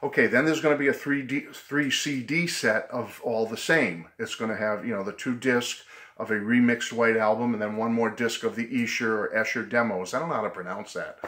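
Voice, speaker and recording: A man with a Boston-Providence New England accent, talking excitedly and rambling in a casual vlog, often laughing. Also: mid-range voice, a little fast. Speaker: vlogger.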